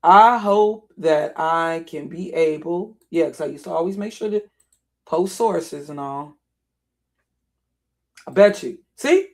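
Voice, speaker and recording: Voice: medium pitch, takes it slowly, pauses often. Agitated live streamer thinking aloud. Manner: thinks aloud, repeats and restarts phrases, grows agitated. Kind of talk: casual live-stream commentary while browsing.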